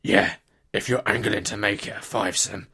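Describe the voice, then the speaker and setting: A man doing a mocking monster-hunter growl, gritty, low and muttered, a little off-mic. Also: steady tone, moderate pace, gravelly, pushed and bright, breathy edge, heavily acted. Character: mock-gruff male monster hunter, self-important.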